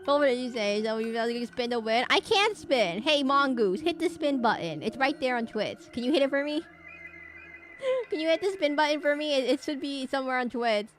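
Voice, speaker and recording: A woman's voice: sits high, moderate pace. A woman VTuber chatting casually with her viewers while playing a game, bursting into indignant replies to chat and humming under her breath. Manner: animated, indignant bursts when reading chat. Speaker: VTuber streamer. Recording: game music behind. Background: game music.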